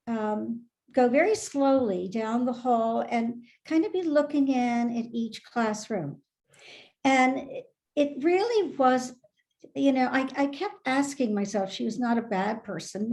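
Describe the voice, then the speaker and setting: An older woman, a school consultant, thoughtfully telling a story of her experience on a video call, candid and laughing softly. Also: fairly high pitch. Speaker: Montessori consultant. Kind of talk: storytelling in an online town hall.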